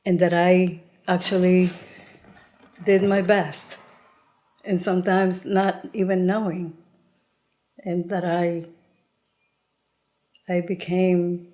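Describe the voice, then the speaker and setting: A woman's voice: fairly low pitch, flat delivery, slow, long pauses, warm tone. Earnest woman from Colombia telling her story. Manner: earnest, reflective, retells conversations in quotes. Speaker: storyteller guest. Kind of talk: personal storytelling.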